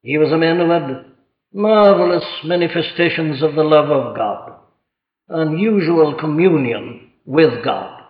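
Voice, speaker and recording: A man preaching an expository sermon, reading scripture in old formal wording and then explaining it with emphatic, animated delivery. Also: unhurried. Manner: animated, emphatic delivery with wide pitch swings. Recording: echoey, dull lo-fi sermon recording.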